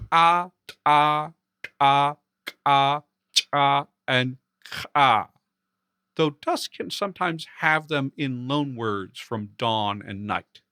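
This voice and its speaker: A man's voice: medium pitch, pushed and bright. A man hosting a language video, patiently explaining and demonstrating sounds. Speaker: conlang video host. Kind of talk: explanatory pronunciation lesson.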